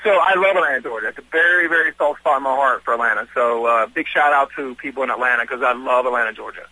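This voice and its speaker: A man's voice: medium pitch, fast, sharp tone, slightly rough, dry recording, poor audio. A man with a Southern US accent from North Carolina, a guest on an interview, talking eagerly in a rambling way full of restarts and repeated words. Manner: eager and talkative. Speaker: guest, swimwear designer and fitness trainer. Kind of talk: casual interview chat.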